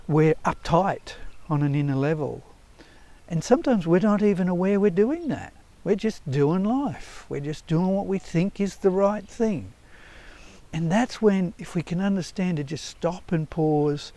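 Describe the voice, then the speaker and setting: Earnest man, slightly higher voice. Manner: earnest, gently persuasive, with frequent restarts. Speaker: host. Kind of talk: reflective solo talk to camera.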